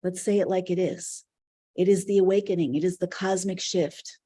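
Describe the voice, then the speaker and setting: A woman's voice: fairly low pitch, fairly even intonation, normal speed, dark tone, husky. A woman teaching a live online spiritual class, speaking earnestly in loose, flowing, reflective phrases.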